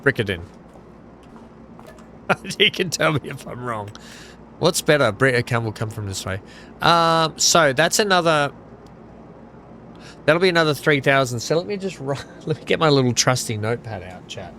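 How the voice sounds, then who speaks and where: A man's voice: medium pitch, normal speed. An Australian man casually commenting while playing a farming game, joking to himself and his chat. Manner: chatty, self-mocking, talks to himself and his chat. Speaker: gaming video host. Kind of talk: casual let's-play commentary. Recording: steady game vehicle and engine noise behind.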